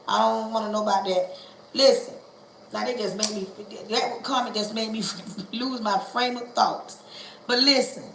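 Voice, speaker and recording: A woman preaching a livestream sermon, calling on listeners to say ouch, with a church cadence that stretches words and builds to shouting. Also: a little high, reverberant, slight background noise, rough recording.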